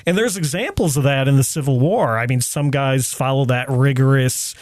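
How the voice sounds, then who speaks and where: A man speaks as a guest historian in a relaxed podcast chat indoors. He talks thoughtfully, hedges his points and fills pauses with "you know." The sound is dry, with little room tone. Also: medium pitch, no room sound. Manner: thoughtful, hedging, many "you know" fillers. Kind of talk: casual podcast discussion. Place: indoor room with others present.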